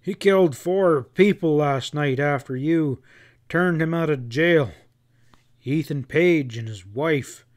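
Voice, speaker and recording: A man voicing a grim, angry leader of a frontier posse, who talks in blunt, threatening folksy speech. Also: a little high.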